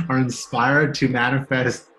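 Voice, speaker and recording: A man's voice: mid-range voice, pushed and bright. Easygoing man in an echoey room. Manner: easygoing, amused, encouraging. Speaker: podcast co-host. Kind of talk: casual chat.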